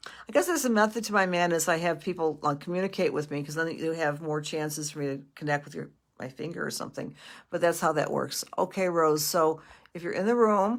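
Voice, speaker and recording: A middle-aged woman doing a live psychic reading, gentle and affectionate, pausing and restarting often. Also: lowish voice, steady tone. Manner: gentle and affectionate, calling viewers sweetie and honey; halting with many restarts and fillers. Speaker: astrologer and psychic medium.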